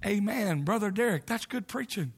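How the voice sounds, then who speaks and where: A middle-aged man preaching a sermon as a visiting preacher, with whoops and shouts that drop to near whispers. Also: high-pitched, lively intonation, normal speed, noisy background.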